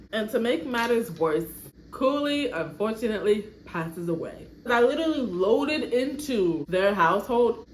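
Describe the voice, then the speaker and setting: Chatty woman telling a game story. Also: medium pitch. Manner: chatty, animated, laughs often. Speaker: vlogger. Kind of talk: casual storytime narration. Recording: echoey room, faint background noise.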